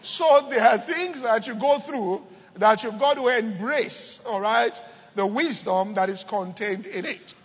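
A man's voice: extremely high pitch, a little slow, husky, long reverb tail, dull audio. A male pastor preaching a sermon, telling stories and often checking in with "all right" and "okay".

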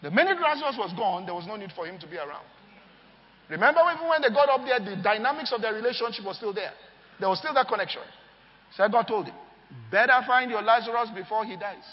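A man's voice: high voice, animated, fast talker. A man preaching a sermon, telling stories with energy and often asking the crowd if they follow him. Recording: long hall reverb, dull lo-fi sound.

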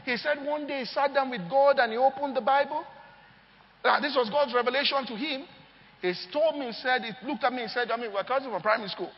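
A man preaching a sermon, telling stories with energy and often asking the crowd if they follow him. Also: very high voice. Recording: long hall reverb, dull lo-fi sound.

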